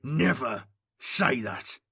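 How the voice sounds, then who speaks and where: A man voicing a gruff, stern old grandfather and veteran in an audiobook reading, with harsh, snapping commands. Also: medium pitch, expressive, moderate pace, a bit bright, dry recording, studio quality. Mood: furious.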